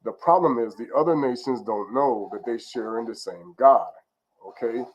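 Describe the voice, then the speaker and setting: A man's voice: mid-range voice, normal speed, muffled recording. A man giving an informal spiritual teaching, rambling with many fillers and restarts and often checking in with "okay?".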